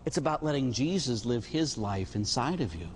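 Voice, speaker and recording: A man who is a Catholic priest, giving an animated sermon with rhetorical questions and little stories. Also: medium pitch, moderate pace, slight background noise. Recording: hall reverb.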